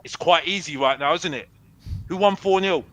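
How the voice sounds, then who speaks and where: A man's voice: a little high, normal speed, fairly bright tone, poor audio. A young man, calling into a football fan show, ranting defiantly and repeating himself, dropping "bruv" a lot. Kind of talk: heated fan rant.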